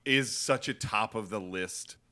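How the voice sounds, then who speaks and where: A man co-hosting a podcast in casual chat, animated and teasing, laughing often. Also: fairly low pitch, unhurried. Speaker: podcast co-host.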